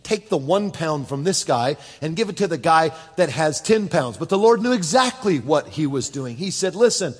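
A man preaches in a slightly high voice, with a long reverb from the church hall hanging behind every phrase. He acts out the people he quotes and speaks straight to the congregation between scripture readings. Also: lively intonation, moderate pace, few pauses, slightly rough, faint music behind. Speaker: pastor. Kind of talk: sermon.

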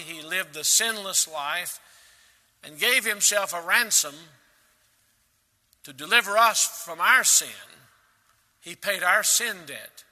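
A man preaching a sermon, emphatic, with sudden loud rises and quiet drops. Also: high voice, long reverb tail. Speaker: pastor.

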